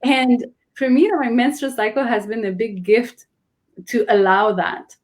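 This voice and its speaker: A woman's voice: fairly high pitch, unhurried. A woman, a guest in a casual conversation, explaining earnestly with many restarts.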